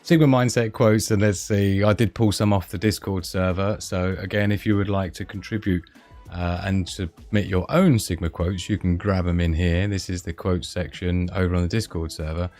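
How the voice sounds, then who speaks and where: A man's voice: sits low, fairly even intonation, moderate pace, darkish tone, soft background music. A man hosting a casual livestream, chatting in a rambling way and reading out viewer comments. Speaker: livestream host.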